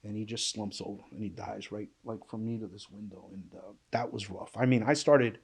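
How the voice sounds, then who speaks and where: A man's voice: lowish voice, fairly quick, gravelly, a crowd in the background. A middle-aged man, a retired police officer, recounting an ordeal in an interview with vivid, emphatic, plain-spoken storytelling. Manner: vivid, emphatic retelling that acts out quoted speech; plain-spoken, blunt, swears. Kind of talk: emotional first-person storytelling in an interview.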